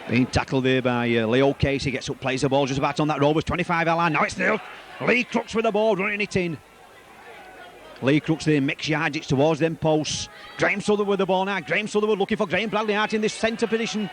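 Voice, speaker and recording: A man giving live rugby league match commentary, excitable and rambling, repeating player names as the play moves. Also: a little high, fast talker, a little hiss or hum.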